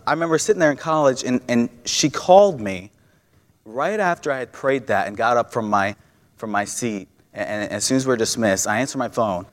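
Young male preacher, earnest, stumbling restarts, church hall with long reverb. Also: medium pitch. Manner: earnest, repeats words and restarts often. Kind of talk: sermon with personal story.

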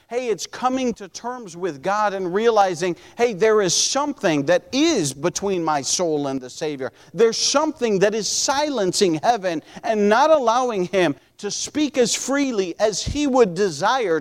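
High-voiced earnest male preacher. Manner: earnest, pleading, drops to near-whispers on quiet words; repeats words while building a point. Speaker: pastor. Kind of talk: sermon.

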